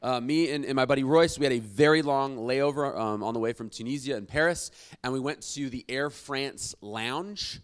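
A pastor delivers a sermon, moving between loud, emphatic lines and quiet asides. His voice is medium-pitched and clean, and his pace is moderate.

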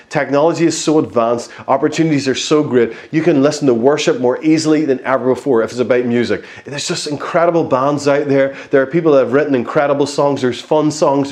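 Animated conversational male preacher. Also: mid-range voice. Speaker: pastor. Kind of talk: sermon.

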